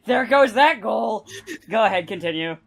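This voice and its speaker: A woman's voice: mid-range voice, expressive, moderate pace, vocal fry. Wisecracking woman co-player. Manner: dry jokey, swears. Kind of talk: casual gaming chat.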